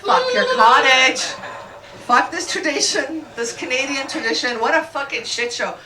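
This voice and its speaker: Brash, animated woman doing stand-up. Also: high voice, moderate pace. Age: middle-aged. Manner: brash, crude and animated, rising to shouted rants. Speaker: stand-up comedian. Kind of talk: stand-up comedy set. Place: comedy club stage with audience. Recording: echoey room, distant mic, loud crowd noise.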